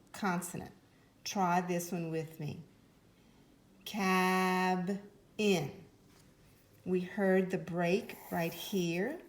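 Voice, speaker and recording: A woman teaching a phonics lesson to young children, speaking slowly and clearly in an encouraging way. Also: fairly low pitch, darkish tone. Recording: roomy echo.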